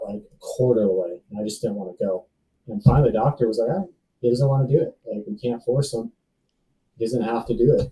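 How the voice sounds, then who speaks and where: A man's voice: fairly low pitch, mellow, far from the mic, slight background noise, low-quality recording. A man in his thirties, a podcast guest, telling a personal story in a laid-back, slangy way full of dude and bro. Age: 30s. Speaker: podcast guest, safety professional.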